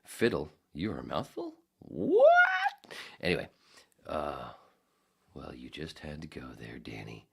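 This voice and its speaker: A very low-pitched man hosts a loose podcast, swinging his voice up and down with lively inflection. He rambles through viewer comments with crude, profane jokes and a joking, offhand delivery. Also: a little slow, creaky, husky. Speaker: podcast host. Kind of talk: casual podcast chat, reading out live chat comments.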